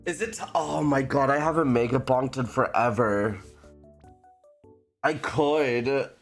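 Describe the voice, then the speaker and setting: A woman's voice: rumbling low, slow, soft background music. A woman streaming a game, chatting casually and giggling with her chat. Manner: giggly, animated, talks to chat.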